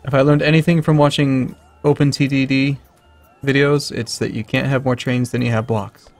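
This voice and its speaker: A man of middle pitch chats casually during a multiplayer game. He drops in dry, joking remarks between plain comments. His delivery is relaxed and conversational. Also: normal speed, faint music behind. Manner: joking, wry asides. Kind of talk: casual gaming chat.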